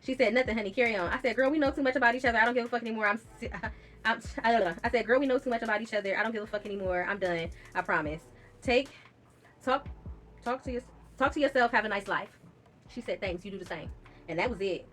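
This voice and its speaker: A young woman talks straight to her viewers in a casual storytime vlog, blunt and profane, quoting her own text messages. Her voice sits a little high, and faint music plays underneath. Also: fast, fairly bright tone. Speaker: vlogger telling a personal story.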